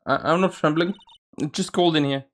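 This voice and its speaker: A man's voice: mid-range voice, expressive, fast, natural voice. A man voicing a nervous young female rookie defense lawyer who stammers and gets defensive. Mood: flustered.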